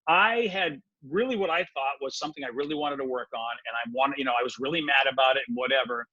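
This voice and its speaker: A man being interviewed on a podcast, telling a personal story in an animated way and acting out his own past words. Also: medium pitch, fast talker, no echo, highs cut off. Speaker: guest.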